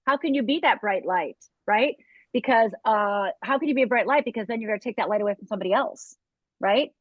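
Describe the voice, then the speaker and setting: A woman's voice: fairly high pitch, brisk, no room sound. A woman coach in an interview, talking emphatically and acting out anxious inner voices, often asking "right?". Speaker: fear coach guest. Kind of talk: interview conversation. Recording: dull lo-fi call audio.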